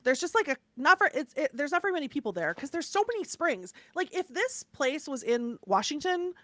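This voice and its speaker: A woman co-hosting a podcast, telling a story in a chatty, animated way, with lots of fillers and asides. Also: high-pitched, brisk, no echo. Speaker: podcast co-host. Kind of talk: casual chat, storytelling.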